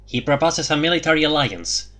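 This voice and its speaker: A man's voice: on the high side, lively intonation, a little fast, pushed and bright, pitched above the performer's own voice. Man putting on a cold curt lady envoy, skeptical, audiobook read. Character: cold, cynical woman envoy, curt and calculating. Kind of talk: audiobook character voice.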